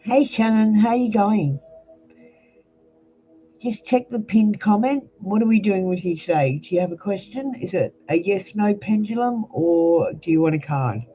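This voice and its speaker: A woman's voice: mid-range voice, measured pace, muffled recording, soft background music. A young adult Australian woman giving blunt, chatty tarot readings on a live stream, calling viewers by name. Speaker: tarot reader.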